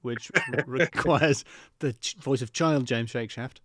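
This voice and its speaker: A man co-hosting a podcast, trading wry, quick-witted asides in casual comic banter. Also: mid-range voice, heavy background noise. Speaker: podcast co-host.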